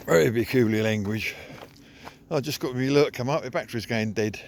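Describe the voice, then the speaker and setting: A man's voice: medium pitch, fairly quick, creaky, slight background noise. A middle-aged man, chatting casually and grumbling while walking his dog outdoors, filming on a phone. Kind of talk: casual walking vlog chat. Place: outdoors on a park path.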